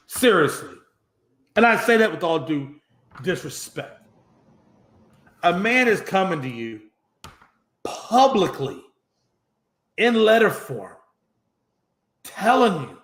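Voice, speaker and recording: A man's voice: sits high, very animated, slow pace, pauses often, fairly bright tone, echoey room. A man hosting a sports talk show, ranting with heavy swearing and mocking impressions. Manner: profane, mocking, acts out quotes in exaggerated voices. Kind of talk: heated sports talk rant.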